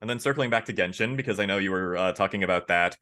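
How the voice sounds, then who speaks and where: A man, a voice actor, chatting casually in an interview, animated and candid, laughing easily. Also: fast talker. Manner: animated, acts out quoted lines with big pitch jumps. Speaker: voice actor guest.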